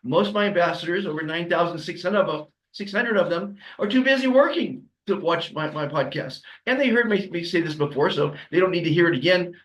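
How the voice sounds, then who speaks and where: A man's voice: sits high, lively intonation, brisk, few pauses, a bit bright, rough recording. A man from Los Angeles hosting a podcast, giving a rambling, emphatic motivational monologue with chuckling asides. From Los Angeles, USA. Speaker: podcast host.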